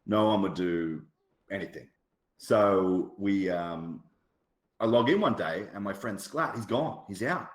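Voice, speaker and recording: A man's voice: deep voice, animated, a little slow. A man from Australia, telling a rambling story as a podcast guest, full of fillers and asides. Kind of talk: casual storytelling chat. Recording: roomy echo.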